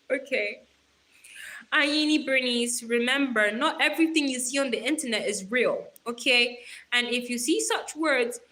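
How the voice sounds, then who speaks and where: A woman livestreamer chatting casually, animated and laughing often as she teases and advises her viewers. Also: fairly high pitch. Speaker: livestreamer reading chat.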